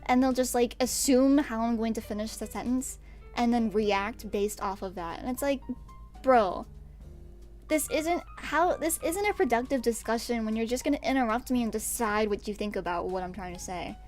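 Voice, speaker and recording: A woman's voice: fairly high pitch, normal speed, a little mellow, faint music behind. A young woman streamer from America chatting casually, rambling and getting exasperated with bursts of laughter. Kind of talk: casual stream chat ranking pet peeves.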